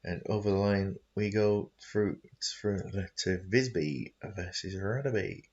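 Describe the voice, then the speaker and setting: A man with a low, gravelly voice calls the action of a football game stream in a loose, chatty way. He chuckles often and trips over the odd word, and the sound is dull and lo-fi. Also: takes it slowly, a little mellow. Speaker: host and commentator. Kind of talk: casual game-stream commentary.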